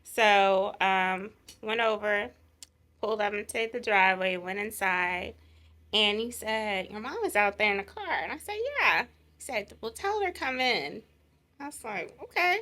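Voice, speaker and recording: A woman's voice: medium pitch, lively intonation, moderate pace, bright, forceful tone. A middle-aged woman casually telling the story of her engagement, laughing often as she goes. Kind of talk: casual chat.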